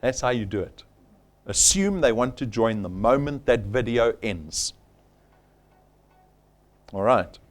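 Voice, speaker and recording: Emphatic man, lively pitch. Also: slow pace, pauses often, soft background music. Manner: emphatic, punchy, repeats key points. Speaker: sales trainer. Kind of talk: live workshop presentation.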